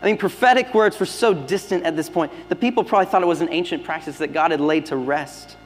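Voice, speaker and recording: A man preaching a sermon as pastor, swinging between loud emphatic lines and hushed, near-whispered ones. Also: fairly high pitch, fast talker, a little hiss or hum. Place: church sanctuary. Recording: long hall reverb with faint music.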